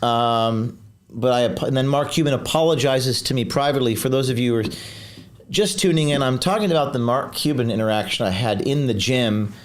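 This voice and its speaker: A man's voice: mid-range voice, a little fast. A man hosting a live stream, talking in a rambling, combative way, reading viewer comments and replaying clips.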